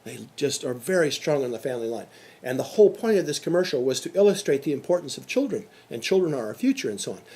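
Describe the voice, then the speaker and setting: A man's voice: on the high side, a little mellow, slightly rough. A middle-aged man giving a motivational sales lecture, emphatic and repeating his key phrases. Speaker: sales trainer.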